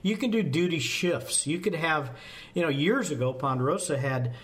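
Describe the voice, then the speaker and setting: A man's voice: fairly high pitch, lively intonation, moderate pace, fairly bright tone. A man in the fire service talking through volunteer staffing on a podcast in a folksy, rambling way, with jokes at his own expense. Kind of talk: casual podcast talk.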